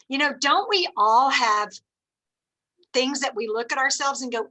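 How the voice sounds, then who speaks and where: A middle-aged woman leading a team meeting on a video call, telling stories in an animated, encouraging way. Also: high-pitched, moderate pace, rough recording. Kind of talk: motivational team meeting talk.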